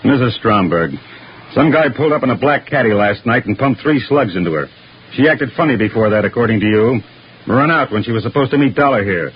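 A man's voice: medium pitch, lively intonation, fairly quick, breathy edge. An actor playing a tough, pushy male police detective who questions bluntly and hard, in 1940s radio acting style, from a dull lo-fi old radio recording. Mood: pressing. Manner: blunt, hard-pressing interrogation.

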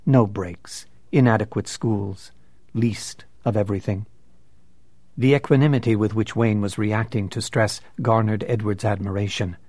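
A man narrating an audiobook in a measured, unhurried way. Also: on the low side, fairly even intonation, a little mellow, dry recording.

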